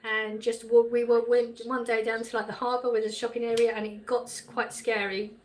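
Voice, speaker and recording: A woman with a slightly high voice hosts a casual livestream chat. She reads viewers' comments aloud and answers them, laughing often as she goes. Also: level tone, fairly quick.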